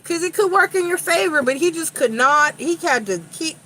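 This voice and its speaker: Bright-voiced, blunt Long Island woman. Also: very high voice, lively intonation, normal speed, a little hiss or hum, poor audio. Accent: Long Island New York with a slight Southern tinge. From Long Island, New York. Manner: blunt, chatty, profane storytelling. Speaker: tarot reader. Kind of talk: casual livestream tarot chat.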